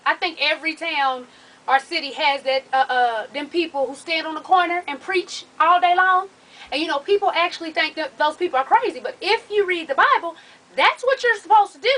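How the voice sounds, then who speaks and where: A woman's voice: sits high, bright, forceful tone, recorded from a distance, low-quality recording. A woman hosting an advice vlog, talking bluntly and casually with slang and the odd swear word.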